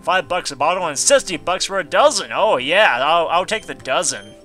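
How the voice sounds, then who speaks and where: A man's voice: a little high, big pitch swings, moderate pace, bright, forceful tone, faint music behind. A man giving casual gameplay commentary, reading game text aloud and adding goofy asides. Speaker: let's player.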